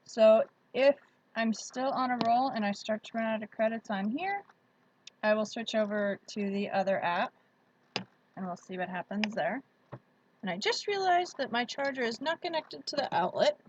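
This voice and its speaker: A woman's voice: fairly high pitch, normal speed, muffled recording, slight background noise. A woman hosting a casual livestream, chatting in a friendly way and greeting viewers by name. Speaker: livestream host. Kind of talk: casual livestream chat reading viewer comments.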